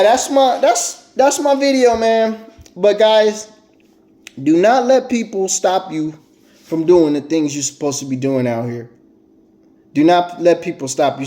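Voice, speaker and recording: Preachy high-voiced man in an echoey room. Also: a little mellow. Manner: repetitive, preachy, stammering restarts. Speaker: vlogger. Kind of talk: casual monologue to viewers.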